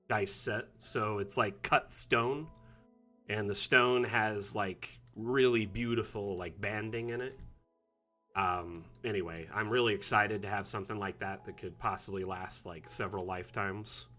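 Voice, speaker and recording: Middle-aged guy rambling on his stream, bright tone, faint music behind. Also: on the low side. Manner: chatty, many fillers and restarts. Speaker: community manager streaming a map build. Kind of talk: casual live-stream chat.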